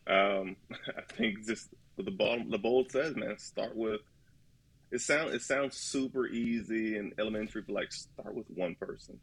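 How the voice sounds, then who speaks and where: A man's voice: fairly low pitch, animated, moderate pace, creaky, a bit bright, poor audio. A man in casual podcast talk about ministry, earnest and folksy, acting out little dialogues. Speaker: ministry leader guest.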